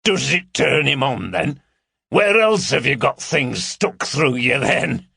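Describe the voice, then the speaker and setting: Man doing a gruff, crude Yorkshire heavy. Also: medium pitch, very animated, slow, bright, forceful tone, no echo, clean studio sound, pitched above the performer's own voice, heavily acted. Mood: mocking, blunt. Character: bulky, crude, mocking middle-aged man.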